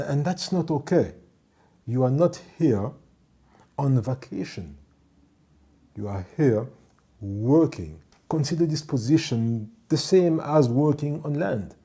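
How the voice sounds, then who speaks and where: A man telling a story from his work as a ship's doctor and department head, in a measured, emphatic way that repeats points for stress. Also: mid-range voice, warm tone, husky. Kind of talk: storytelling monologue.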